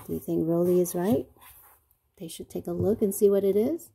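Teacher, female: slow, patient read-aloud voice with a gravelly, husky tone. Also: lowish voice, dark tone. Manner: asks children questions, slow and patient. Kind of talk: picture-book read-aloud lesson.

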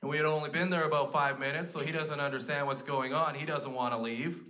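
A man's voice: a little high, fairly even intonation, fast, pushed and bright. A Canadian man doing stand-up comedy on stage, telling crude stories in an exasperated tone. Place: comedy stage before a live audience. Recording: live show with audience noise. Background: audience laughter.

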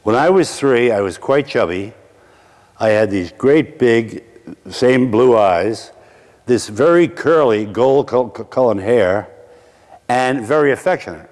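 A middle-aged man from Brooklyn, preaching through a personal story with wry asides and slow dramatic pauses. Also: mid-range voice, animated, darkish tone, in a large hall. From Brooklyn, New York. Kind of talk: sermon storytelling.

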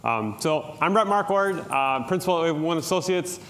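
A man's voice: fairly high pitch, lively intonation, normal speed, a bit bright, slight background noise. A middle-aged man from Minnesota giving a conference tutorial talk in a casual, joking way, with frequent "uh" and "um". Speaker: conference presenter.

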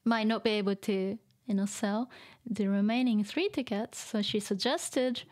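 A woman teaching vocabulary through a manga, explaining slowly, repeating words and laughing often. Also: medium pitch, a little mellow. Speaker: Japanese teacher. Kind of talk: manga reading lesson.

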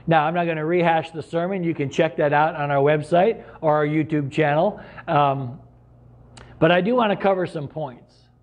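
A middle-aged man preaching a sermon as pastor, earnest and conversational, with sudden emphatic rises. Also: a little high.

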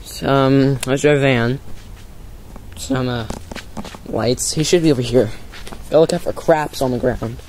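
A man's voice: mid-range voice, steady tone, slow, pauses often, a little mellow, a little hiss or hum. A young man vlogging casually, rambling and upbeat as he talks straight to his viewers from home and then his front yard. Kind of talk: casual vlog chat.

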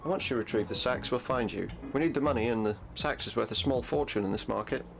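A man's voice: mid-range voice, fast talker, creaky, music in the background, close to an everyday voice. A man voicing a scheming crime-ring boss, reading game dialogue aloud in a raised, put-on accent with a theatrical, conspiratorial manner.

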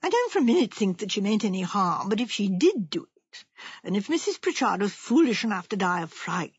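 A woman voicing an excitable, chatty middle-aged country lady who speaks eagerly. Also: medium pitch, fairly quick, husky, no echo. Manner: eager, speculative. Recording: muffled lo-fi.

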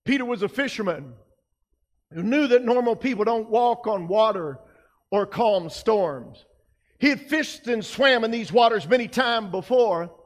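A male pastor preaching a sermon, emphatic, his delivery swinging between soft passages and loud ones. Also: sits high, animated, a little slow, in a large hall. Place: church sanctuary.

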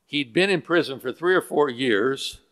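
A man's voice: medium pitch, fairly bright tone. A male pastor preaching a sermon that explains Greek word roots, with frequent fillers. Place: church sanctuary. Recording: church hall with long reverb.

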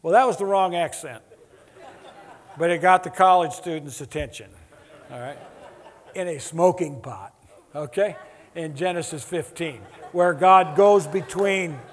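Male preacher, higher voice, emphatic lecturing with wry asides. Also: measured pace, long pauses. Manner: emphatic, joking teacherly delivery with stressed key words. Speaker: Bible lecture speaker. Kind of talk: lecture sermon. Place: large lecture hall. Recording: echoey auditorium reverb.

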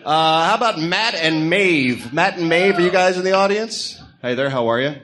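A man's voice: on the high side, expressive, moderate pace, crowd noise. A man co-hosting a live comedy podcast on stage, reading listener notes and teasing a guest, laughing often. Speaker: podcast co-host. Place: stage before a live audience. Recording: live audience audible.

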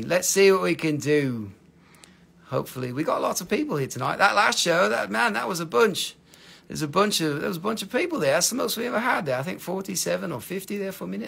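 A man's voice: a little high, gravelly, fairly bright tone, husky. A man with an Appalachian accent hosting a casual livestream to sell minerals, joking around and rambling with lots of "you know". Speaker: livestream host selling minerals.

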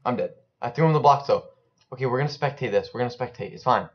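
A man's voice: medium pitch, fast talker. A young man chatting casually and joking in slang while he plays an online game, rambling between rounds. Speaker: gaming YouTuber. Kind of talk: casual gameplay commentary. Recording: slightly dull lo-fi mic.

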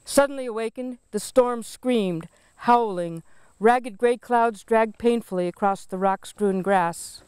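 A woman reads her own poem aloud in a solemn, deliberate recitation, taking her time over every phrase. Her voice is exceptionally smooth and resonant. The recording is dry and close, with no room sound. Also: a little high, a little mellow, no room sound. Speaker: poet reading her own work. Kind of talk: poetry reading.

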